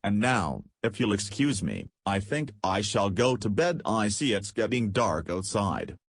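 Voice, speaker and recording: Storybook bird: a man doing a soft, gentle, well-mannered little hen bird, husky tone. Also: on the low side, big pitch swings, a little slow, no echo, full character voice. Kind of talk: audiobook character voice.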